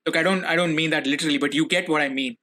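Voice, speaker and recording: A young man with a bright, slightly high voice hosts his own football fan podcast alone. He rants hard, swears and repeats phrases when he gets worked up. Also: fairly even intonation, racing. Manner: ranting, swearing, repeats himself when angry. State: furious. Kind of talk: solo football reaction podcast.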